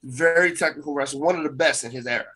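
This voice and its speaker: A man's voice: fairly high pitch, fast, sharp tone, a little hiss or hum, rough recording. A man co-hosting a casual wrestling podcast, rambling and repeating himself as he gives his opinions. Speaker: podcast co-host.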